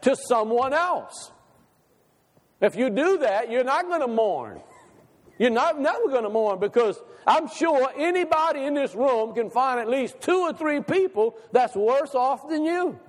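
High-voiced preacher with hall echo. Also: male voice, big pitch swings, unhurried. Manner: asks the congregation repeated questions; repeats phrases for emphasis, with frequent fillers. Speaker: pastor. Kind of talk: sermon. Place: church sanctuary.

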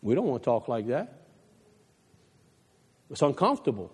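A male pastor delivers an impassioned sermon, his voice swinging widely from low, hushed asides to soaring high exhortations. The reverb of a big church hall hangs behind every line. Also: big pitch swings, normal speed, breathy edge. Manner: impassioned preaching, drops low for quoted advice. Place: church sanctuary.

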